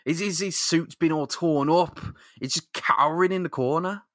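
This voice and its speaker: Bright emphatic podcast co-host. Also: male voice, fairly high pitch, normal speed, no echo, studio quality. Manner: emphatic, swears, laughs along. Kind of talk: casual comic-book recap chat.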